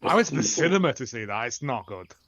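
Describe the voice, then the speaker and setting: A man co-hosting a podcast, joking around in animated, casual banter. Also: mid-range voice, fast talker, dry recording, muffled recording. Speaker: podcast co-host. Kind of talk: casual chat.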